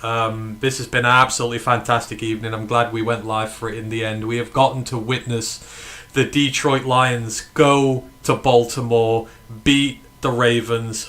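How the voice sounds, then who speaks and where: A man from the UK hosting a live fan watch-along stream, talking in an excited, emphatic way and swearing freely. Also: medium pitch. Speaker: fan podcast host.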